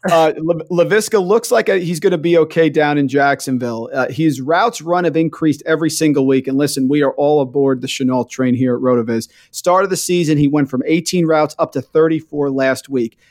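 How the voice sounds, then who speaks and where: A man's voice: a little high, a little fast, few pauses, darkish tone. Upbeat man hosting a sports podcast. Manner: upbeat, jokey questioning. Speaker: podcast host. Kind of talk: casual podcast chat.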